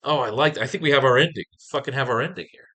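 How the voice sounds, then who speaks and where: A man's voice: medium pitch, fast talker, pushed and bright. A man teaching a writing class, talking casually and with lots of swearing as he plans comic pages and reads panels aloud. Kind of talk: casual comic-planning talk.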